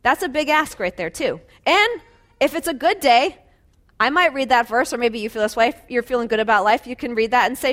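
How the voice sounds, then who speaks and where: A woman's voice: on the high side, expressive, fairly quick, fairly bright tone. A woman preaching a sermon in a conversational way, asking listeners rhetorical questions and laughing lightly between phrases.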